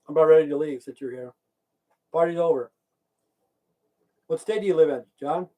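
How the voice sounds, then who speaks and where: A man's voice: fairly high pitch, normal speed, mellow, poor audio. A man ranting casually on his livestream, rambling and swearing a lot and chatting back to viewers. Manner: rambling, profane, keeps saying "okay"; chats back to viewers in the stream chat. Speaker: livestream host.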